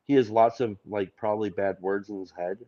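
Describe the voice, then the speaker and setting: On muffled lo-fi audio, a man co-hosting a livestream jokes and rambles casually, laughing often. His lowish voice is steady, brisk, and warm.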